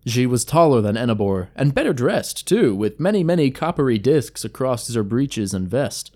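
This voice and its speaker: A man narrating a fantasy tale from a tabletop campaign in an expressive, measured reading. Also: medium pitch.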